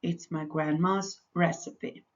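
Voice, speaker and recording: A woman's voice: lowish voice, fairly even intonation, takes it slowly. A woman teacher reading the part of a woman who explains her grandma's cake recipe, step by step, in a plain textbook way. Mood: explaining. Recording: dull lo-fi recording.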